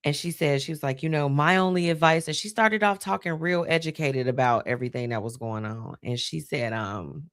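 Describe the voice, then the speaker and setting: A woman's voice: very deep voice, moderate pace, hardly any pauses, dry recording, studio quality. A woman hosting a live stream, talking casually and animatedly to viewers, laughing often. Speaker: host.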